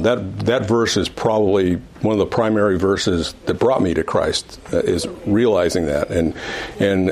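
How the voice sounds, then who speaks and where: A man teaching an adult Sunday school class, reading scripture and explaining it with emphatic repetition and frequent restarts. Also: on the low side. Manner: emphatic, repeats words and restarts often. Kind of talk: Bible teaching.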